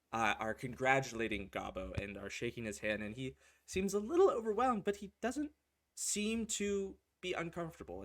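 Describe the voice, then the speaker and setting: Casual tinged game master. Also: male voice, mid-range voice, fairly bright tone. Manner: casual, filler-laden narration. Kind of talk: narrating a tabletop game.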